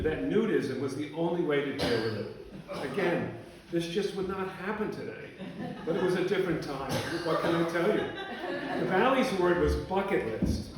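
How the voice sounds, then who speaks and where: Deadpan man, echoey and distant. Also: fairly high pitch, noisy background. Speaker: storyteller. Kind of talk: humorous reading to a live audience.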